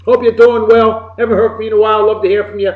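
A man from Massachusetts, hosting a show and giving folksy, boisterous birthday shout-outs. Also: high-pitched, little pitch movement, fast. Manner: boisterous and folksy, swinging loud and soft. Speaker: podcast host. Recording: roomy, slightly dull lo-fi recording.

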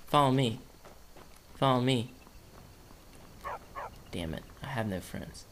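A young man, a gaming YouTuber, rambles and jokes through let's play commentary, talking to the on-screen characters as he plays. His voice is medium-pitched with lively intonation and a slow pace. Game music plays behind him, and there's a slight hiss or hum.

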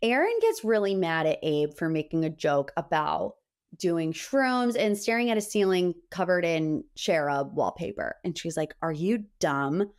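A young adult woman hosting a podcast, recapping reality TV in a chatty, animated way full of gossipy asides. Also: lowish voice, normal speed, clean tone. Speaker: podcast host. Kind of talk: casual pop-culture recap.

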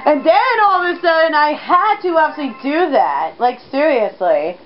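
A woman giving jumpy, excitable commentary while playing a video game. She exclaims a lot and talks to the character on screen. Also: high voice, normal speed, slight background noise. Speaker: let's play gamer. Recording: dull lo-fi recording with game music.

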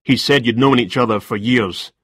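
A man's voice: medium pitch, moderate pace, fairly bright tone, slightly rough, no echo, studio quality. A man voicing a cool, formal male police detective in a story reading, questioning in a cold, polite manner. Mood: probing.

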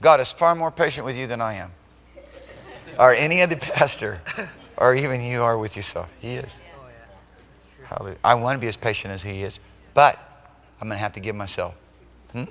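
A male pastor delivering a live church sermon in a mid-range voice, neither high nor low. He punches some phrases out loudly and drops to near-hushed asides on others. He keeps tossing quick rhetorical check-ins to the room. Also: big-room sound. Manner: emphatic preaching, swinging between loud exclamations and soft intimate asides. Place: church sanctuary during a live service.

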